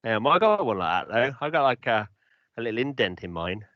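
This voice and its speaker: A man's voice: mid-range voice, very animated, brisk, dry recording, lo-fi sound. A man from England with a Birmingham-tinged English accent, co-hosting a podcast as a chatty storyteller with British slang. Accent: Birmingham English, mixed with London. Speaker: podcast co-host. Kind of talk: casual chat.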